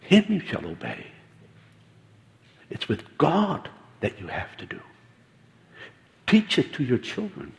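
A man voicing a stern old prophet rebuking a king, speaking in slow, solemn pronouncements. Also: mid-range voice, huge pitch swings, gravelly, full character voice. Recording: long hall reverb.

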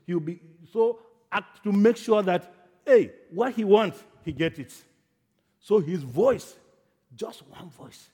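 Dramatic male preacher from Africa, high husky voice, very lively, long hall echo. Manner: dramatic storytelling, swings from hushed to shouting. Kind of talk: sermon. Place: church in America.

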